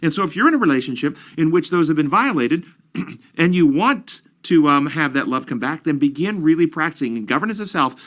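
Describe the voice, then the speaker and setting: A man's voice: fairly high pitch, animated, brisk, fairly bright tone. Earnest man explaining with examples. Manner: earnest, teaching with examples and questions. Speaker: counselor guest. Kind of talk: explanatory interview talk.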